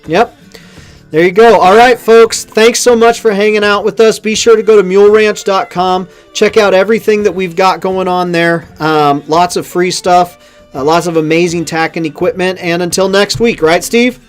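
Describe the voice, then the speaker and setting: Upbeat host guy in his 30s reading comments, pretty high voice, some music behind. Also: fairly even intonation, normal speed. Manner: upbeat, reads viewer comments aloud. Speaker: show host. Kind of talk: casual talk show hosting.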